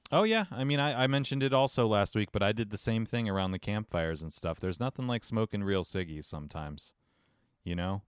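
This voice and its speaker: A man in a casual chat who answers with dry, deadpan teasing. His voice sits somewhat low. The sound is close and dry. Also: a little fast, smooth, dry recording. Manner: dry, teasing humor with mock-serious remarks.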